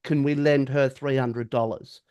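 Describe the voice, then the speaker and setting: A man's voice: medium pitch, fairly even intonation, unhurried, mellow, clean tone, dull audio. A man, a podcast co-host telling a story in casual chat, acting out the quotes and swearing freely.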